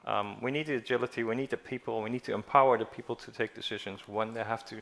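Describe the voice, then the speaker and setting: A man speaking as an avionics expert on a conference panel, measured and a little hesitant. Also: mid-range voice, steady tone, vocal fry, a bit bright. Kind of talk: panel discussion.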